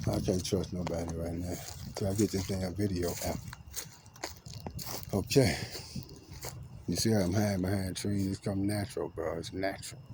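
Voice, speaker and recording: A man tells a rambling, profane, paranoid story outdoors, swinging between loud outbursts and low mutters. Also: noisy background. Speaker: vlogger. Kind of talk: agitated personal storytelling to camera. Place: outdoors among trees.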